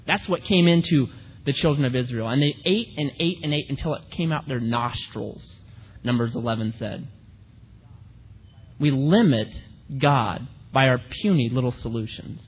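A man's voice: mid-range voice, normal speed, breathy edge. Man preaching a sermon in an echoey hall. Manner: animated, acts out quoted voices. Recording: muffled recording in a reverberant hall.

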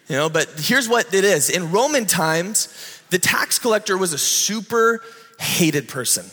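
Man in his thirties, high bright voice, animated church talk, long hall echo. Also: a little fast. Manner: lively and animated, laughs often. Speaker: children's ministry leader. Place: church sanctuary.

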